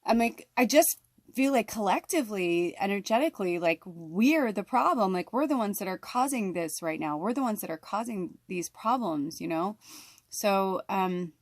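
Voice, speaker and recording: A woman's voice: mid-range voice, expressive, normal speed, no room sound. Rambling, swearing woman vlogger, dry sound. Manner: rambling, heavy fillers, frequent swearing. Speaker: spiritual vlogger. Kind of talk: casual venting to camera.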